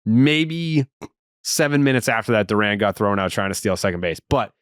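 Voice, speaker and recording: A man hosting a casual sports podcast, telling stories with animated, profane enthusiasm. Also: lowish voice, moderate pace, no room sound, clean studio sound. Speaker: podcast host.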